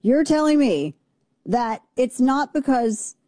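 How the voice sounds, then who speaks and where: A woman's voice: high voice, animated, warm tone, no room sound, studio quality. Brash, sarcastic talk radio host woman. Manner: brash, sarcastic, fast-talking. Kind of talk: opinionated talk radio commentary.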